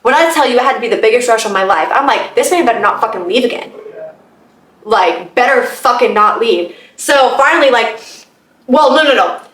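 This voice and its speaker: A young woman hosting her own podcast, telling a story casually, swearing often and breaking into loud laughs. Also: fairly high pitch, animated, a little fast, far from the mic. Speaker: podcast host. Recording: echoey room, off-mic.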